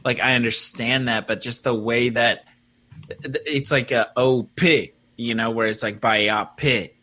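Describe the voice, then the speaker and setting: A man from Minnesota co-hosting a podcast, laid-back and quick to laugh in casual chat. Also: mid-range voice, steady tone, bright, forceful tone. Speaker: podcast co-host.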